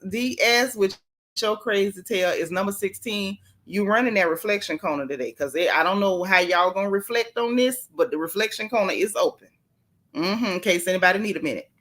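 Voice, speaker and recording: A woman's voice: mid-range voice, a bit bright. A woman hosting a casual livestream, chatty and familiar as she greets her viewers one by one. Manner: playful and familiar. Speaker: livestream host.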